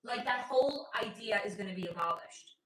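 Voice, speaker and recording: A woman's voice: mid-range voice, a little fast, echoey room, a little hiss or hum, poor audio. A woman from the United States chatting casually on a livestream as a psychic reader, rambling and swearing. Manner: animated, swearing, rambling asides.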